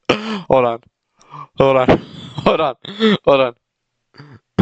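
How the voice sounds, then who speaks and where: A man's voice: medium pitch, lively intonation, very slow, pauses often, dry recording, muffled recording. Giggly young man reading fan fiction aloud. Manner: giggly, keeps breaking into laughter; stumbles and corrects his reading. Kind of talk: comedic reading aloud with commentary.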